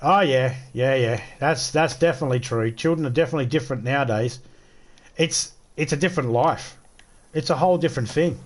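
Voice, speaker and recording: A man's voice: mid-range voice, a little fast. Blunt Australian man ranting on stream. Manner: blunt, swearing, exasperated ranting. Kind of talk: casual rant while streaming.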